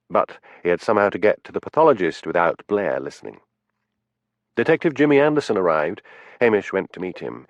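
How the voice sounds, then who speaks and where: A male audiobook narrator reads in a low voice with lively, expressive delivery. His storytelling stays steady. The audio is dry and slightly dull. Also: brisk, dry recording. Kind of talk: scripted narration.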